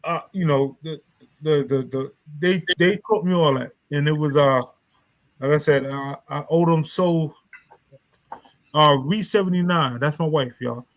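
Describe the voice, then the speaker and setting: A man talks casually on a live stream, his voice sitting a little high. He rambles loosely, circling back and restarting his sentences, and uses plenty of street slang. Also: measured pace, rough recording. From New York. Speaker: author and live stream host.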